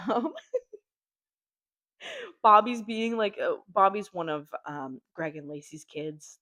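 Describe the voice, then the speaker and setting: A young woman with a somewhat low-pitched voice tells a story in a relaxed, casual way. She fills her sentences with "like" and slang, and she breaks into quick impressions of the characters as she recaps the plot. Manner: slangy, filler-heavy storytelling with lots of "like"; animated, acts out characters' lines. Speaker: book reviewer.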